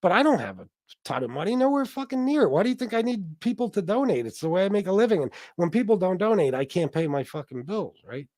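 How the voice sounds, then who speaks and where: A man's voice: sits high, fast, no echo, clean studio sound. A man hosting a casual livestream, reading viewer comments aloud and ranting bluntly with plenty of swearing. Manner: blunt, profane, animated rants. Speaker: livestream host.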